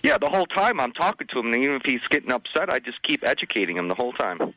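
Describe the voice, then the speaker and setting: A man's voice: medium pitch, very animated, racing, background noise. A man telling laid-back stories as a guest in a casual chat, full of ums and uhs. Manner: laid-back storytelling with many fillers.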